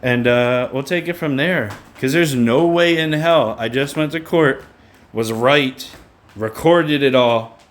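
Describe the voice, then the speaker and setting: A man's voice: mid-range voice, slow pace. A man in a casual vlog rant, sarcastic, repeating a mocking "hello" to make his points. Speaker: vlogger.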